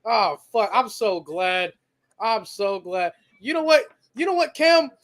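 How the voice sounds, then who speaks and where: A man's voice: sits high, very animated, unhurried, a bit bright. A man co-hosting a wrestling podcast, exasperated and profane, often laughing. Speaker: podcast co-host. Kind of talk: heated casual chat.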